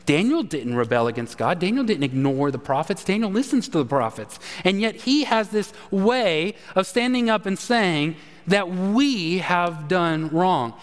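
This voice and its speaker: A man's voice: high voice, animated, unhurried, in a large hall. A man preaching a sermon with emphasis, asking his congregation questions. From Texas. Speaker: pastor.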